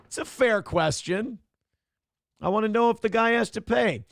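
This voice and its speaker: A man's voice: high voice, normal speed, vocal fry, a bit bright, no room sound. A man hosting a live morning show, joking, swearing freely and reading viewer messages aloud. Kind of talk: casual live-stream talk.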